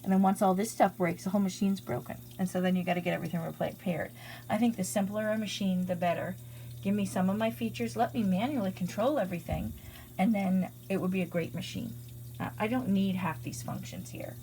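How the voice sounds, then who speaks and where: A woman's voice: fairly low pitch, a little mellow, slight background noise. A woman in her fifties giving a blunt, opinionated home review of an appliance, talking as she demonstrates it, recorded on an iPad in her laundry area. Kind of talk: casual product review demonstration. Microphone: iPad on a stand.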